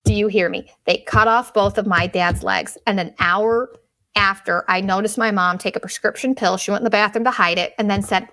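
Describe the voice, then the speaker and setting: A woman in her thirties hosting a podcast, telling a story in a blunt, profane, fast-moving monologue. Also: medium pitch, fairly even intonation, a bit bright. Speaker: podcast host. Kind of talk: casual venting monologue.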